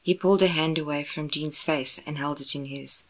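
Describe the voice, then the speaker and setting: A woman narrating romance fan fiction in an even, unhurried reading voice. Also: sits low. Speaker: audiobook narrator.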